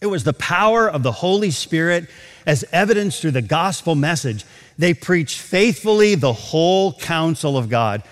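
A man preaching a sermon to a congregation, animated, slowing down to stretch key phrases. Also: a little high, in a large hall. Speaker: pastor. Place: large auditorium.

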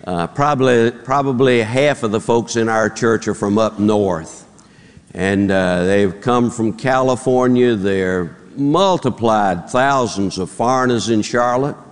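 A man's voice: fairly low pitch, measured pace, smooth. A male pastor preaching a sermon at a Bible conference, chatting in asides to the congregation. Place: large hall at a Bible conference. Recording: archival sermon with long hall reverb.

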